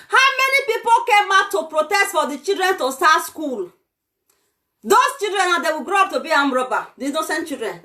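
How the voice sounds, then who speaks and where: Young Nigerian-accented woman, vlogger, heated and scolding, high and lively pitch. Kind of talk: ranting vlog monologue.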